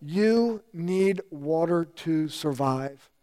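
A man's voice: fairly high pitch, lively intonation, drawn-out words, mellow, clean tone. A male pastor preaching a sermon, building emphasis through repeated lists. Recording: long hall reverb.

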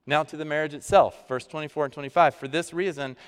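Guy pastor preaching, chatty with dramatic pauses, big echoey hall. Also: fairly high pitch, steady tone, clean tone. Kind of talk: sermon. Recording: long hall reverb.

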